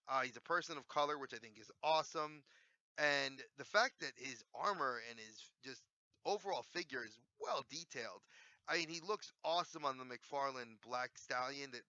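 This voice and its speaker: Man, 40s, toy-review host: sharp, very bright tone, enthusiastic and rambling, dry lo-fi sound. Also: mid-range voice, no echo. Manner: enthusiastic, rambling with self-corrections. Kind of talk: casual review chat. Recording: dry, slightly dull lo-fi sound.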